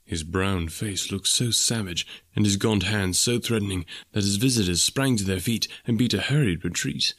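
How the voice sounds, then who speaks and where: A man with a lowish voice narrates a classic novel as an audiobook, telling the story in a measured, even manner. The studio sound is clean, with no room sound at all.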